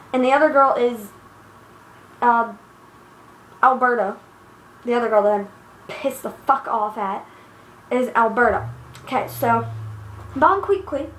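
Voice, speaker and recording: High-voiced teen girl ranting, echoey room. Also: a bit bright, a little hiss or hum. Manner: profane, exasperated, rambling. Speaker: vlogger. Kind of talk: angry personal rant. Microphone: iPod built-in mic.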